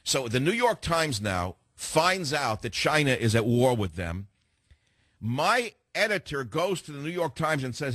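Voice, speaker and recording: A man's voice: medium pitch, big pitch swings, a little slow, a bit bright, dry recording. An opinionated male talk radio host with a mid-range voice who argues hard and cuts his callers off. The sound is dry and close, with no room around it. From San Francisco, USA.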